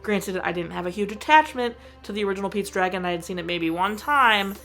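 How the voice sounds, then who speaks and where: A woman's voice: medium pitch, a little fast, fairly bright tone, soft background music. A young woman reviewing a movie in a casual, gushing and emotional way, with lots of "like" fillers.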